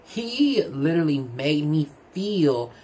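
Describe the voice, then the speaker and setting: A woman's voice: slow, slightly rough. A woman telling a personal story in a casual, candid, chatty way, talking straight to her audience. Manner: chatty, candid, addresses the audience as "girl" and "y'all"; animated, with big swings in pitch. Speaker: storyteller vlogger.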